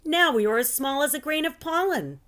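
A woman reading a children's storybook aloud, with slow, expressive storytelling. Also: high voice. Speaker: storybook reader. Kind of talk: children's read-aloud narration.

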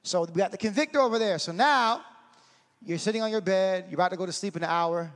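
A man preaching a sermon in an animated way, acting out scenes and swinging from shouting to a hush. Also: sits high, quick pace. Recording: hall reverb.

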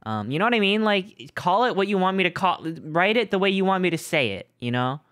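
Playful man streamer, smooth dry voice. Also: high-pitched, very animated, a little fast, fairly bright tone, no echo. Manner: playful, teasing, greets chat by name. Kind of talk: casual live-stream chat.

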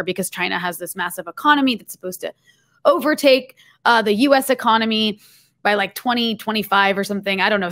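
A woman hosting a podcast, framing long, winding questions and adding fillers along the way. Her voice has an ordinary middle pitch. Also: a bit bright. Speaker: podcast host. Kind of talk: podcast interview.

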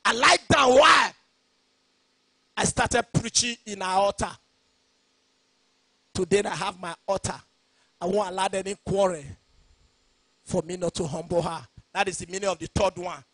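A man preaching, his high voice ringing out bright and forceful as he shouts his points. He lapses into a sing-song lilt, recorded close and dry with no room sound. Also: normal speed, pauses often, no echo. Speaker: pastor. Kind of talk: sermon.

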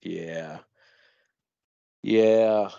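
A man co-hosting a wrestling podcast, talking in a casual, thoughtful way with halting restarts and emphatic asides. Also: low-pitched, vocal fry, warm tone, no echo, dull audio. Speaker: podcast co-host.

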